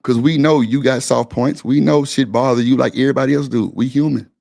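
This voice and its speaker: Guy with a gravelly voice going off on a stream, blunt and repetitive, cussing a lot. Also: medium pitch, steady tone, fairly quick, a little mellow. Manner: blunt, insistent, repeats himself, swears freely. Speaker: stream panel host. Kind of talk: heated argument on a live stream.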